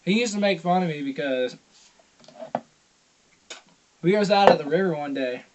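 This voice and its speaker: A young man telling a rambling story in a casual vlog, swearing constantly and acting out loud quotes. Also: fairly high pitch, lively intonation, normal speed, heavy background noise. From Georgia, US. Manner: profane, rambling, heavy swearing. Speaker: vlogger.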